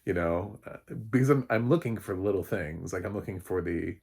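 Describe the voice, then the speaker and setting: A man's voice: low voice, a little fast, a little mellow. A man, a film critic, giving a casual spoken review, rambling with many fillers and restarts, and swearing now and then.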